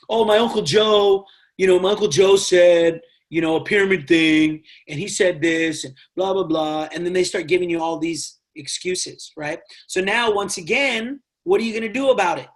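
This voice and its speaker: A man leading a network marketing team training, talking in an animated way and checking in with his listeners again and again. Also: sits high. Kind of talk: motivational team training talk.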